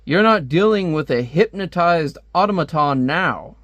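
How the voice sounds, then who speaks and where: A man's voice: a little high, animated, measured pace, fairly bright tone, dry recording, muffled recording. A man reading out a gloating male supervillain from a comic, in a theatrical, monologuing voice. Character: gloating male supervillain scientist, scheming father.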